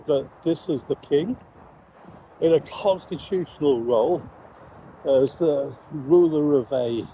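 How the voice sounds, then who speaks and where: A man, a Christian commentator, giving measured, reflective commentary on current events. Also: on the high side, mellow, a little hiss or hum, low-quality recording.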